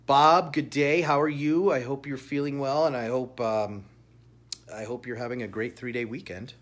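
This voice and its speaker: A man hosts a live comic-shop sales stream, chatting warmly with his viewers. He talks at an easy, conversational pitch, upbeat, and breaks into laughter often. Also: fairly even intonation, normal speed. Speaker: shopping show host. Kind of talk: live-stream product showcase.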